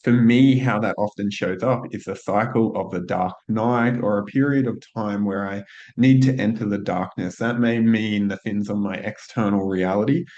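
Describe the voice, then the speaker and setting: Low-voiced guy hosting a podcast, thoughtful, kinda muffled lo-fi sound. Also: fairly even intonation, moderate pace, darkish tone. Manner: reflective, thinks aloud with restarts and fillers. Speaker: podcast host. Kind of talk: casual interview talk. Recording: dull lo-fi audio.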